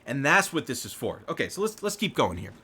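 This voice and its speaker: Male host, live political commentary, lively swooping pitch, laughs and swears, rambling asides. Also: brisk, slightly rough. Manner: reads news aloud and breaks in with commentary. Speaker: show host.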